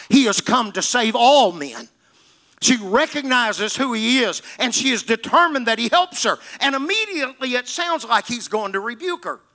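A man's voice: high voice, bright, forceful tone. A man preaching a sermon, retelling scripture stories dramatically and repeating key words for emphasis.

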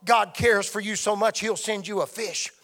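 A man's voice: high-pitched, steady tone, moderate pace, a bit bright. A man preaching a sermon with emphatic delivery that swells and drops. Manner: emphatic, rising and falling delivery.

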